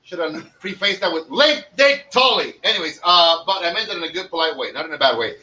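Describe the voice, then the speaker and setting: On a casual comedy podcast, the male host jokes crudely and needles his co-hosts in brash banter. His voice is a little high, animated and sharp, moving briskly with few pauses. The mic picks him up from a slight distance.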